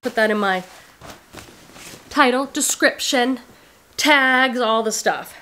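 A woman's voice: a little high, slow, bright, forceful tone. A woman in her thirties chatting casually to camera about her thrift finds, upbeat and full of "like". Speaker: reseller vlogger. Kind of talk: casual haul chat to camera. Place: thrift store and car, indoors and out.

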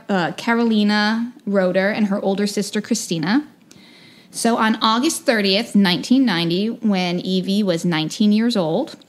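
Woman, 30s, American podcast co-host, mid-pitched voice, rambling, laughs often. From United States. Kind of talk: casual true-crime podcast chat.

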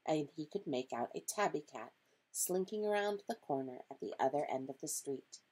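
A woman reading a children's storybook aloud as a storyteller, in a steady, expressive way. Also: low-pitched, low-quality recording.

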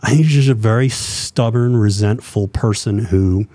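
A man's voice: lowish voice, normal speed, mellow, no echo. A man hosting a podcast, talking casually about a court case, with many restarts and repeated words. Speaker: podcast host. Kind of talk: casual political chat.

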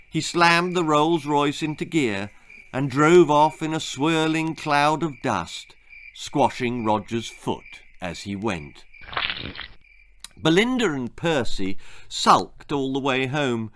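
A man, the author, reading his own children's story aloud with an expressive, theatrical delivery. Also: mid-range voice, slight background noise.

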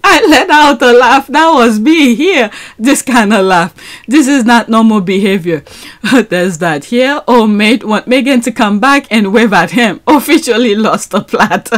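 A woman's voice: a little high, expressive, slow pace. Laughing, incredulous woman host. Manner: laughs a lot, incredulous, reads comments aloud. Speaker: podcast host reacting to clips. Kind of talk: casual reaction commentary.

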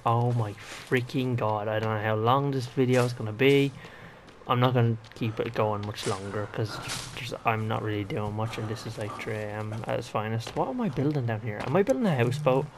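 A man's voice: mid-range voice, a little fast, a little hiss or hum. A man, rambling and exclaiming to himself as he comments on a video game. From Ireland. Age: 20s. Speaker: gaming vlogger. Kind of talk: casual gameplay commentary.

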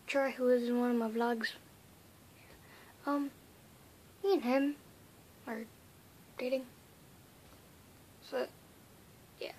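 A woman vlogging casually to camera, hyper and playful, swinging between loud pleas and whispers. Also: a little high, steady tone, slow, long pauses, a little hiss or hum.

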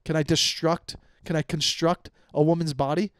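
Young guy ranting on his comedy podcast, lotta swearing, restarts constantly, kinda high voice, dry close sound. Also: fairly even intonation, normal speed, no room sound. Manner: profane, rambling with many restarts. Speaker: podcast host. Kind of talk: casual comedic rant.

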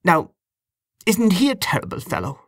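Man putting on a fretful old auntie, fussing over guests, voice pitched up high. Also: huge pitch swings, normal speed, no room sound, studio quality, heavily acted. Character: anxious fussy elderly aunt, hostess.

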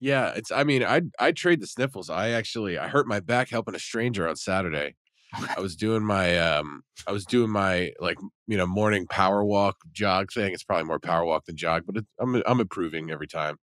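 A man's voice: sits low, a little fast, fairly bright tone, dry recording, studio quality. A man who is a regular on a podcast, telling a rambling story and acting out the quotes. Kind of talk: casual anecdote telling.

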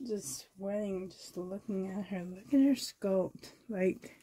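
Soft-toned, gushing Canadian woman. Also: medium pitch, takes it slowly, a little hiss or hum, rough recording. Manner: gushing, giggly, rambling. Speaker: reborn doll vlogger. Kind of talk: casual chat, unboxing.

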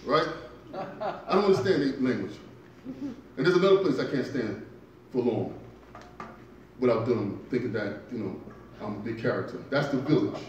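A man doing a stand-up comedy set in a club, telling stories with deliberate delivery and punchy asides. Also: a little high, darkish tone, slight background noise. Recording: echoey club from far off.

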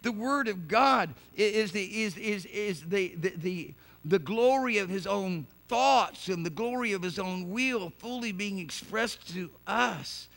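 A man preaching a sermon as pastor in a church. He repeats and restarts phrases, and builds from quiet talk to shouted preaching. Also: sits high, measured pace, vocal fry, hardly any pauses.

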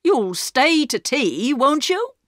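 A woman voicing a proud, poor working man who speaks slowly and stubbornly, in a storybook reading. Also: high-pitched, very animated, no room sound, studio quality, pitched above the performer's own voice, exaggerated voice. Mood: moved. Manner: slow, stubborn, heavy emphasis.

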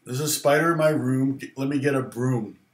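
A man's voice: medium pitch, a little fast, echoey room, slight background noise. A middle-aged man hosting a casual livestream guitar lesson, rambling with fillers and laughs.

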